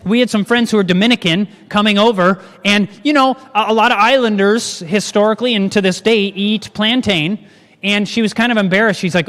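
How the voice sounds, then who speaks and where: A man with a high voice leads a live cooking class, lively and full of questions for his listeners. His voice rings out with a long reverb, as if he were in a church hall. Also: brisk. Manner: lively, asks the audience questions.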